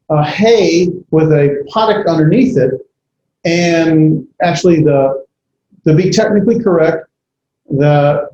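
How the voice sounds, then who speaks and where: Halting man lecturing in a roomy hall. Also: fairly high pitch, dark tone, slight background noise. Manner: halting, many fillers and restarts. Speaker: instructor. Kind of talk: classroom lecture. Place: classroom. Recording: roomy, dull lo-fi lecture recording.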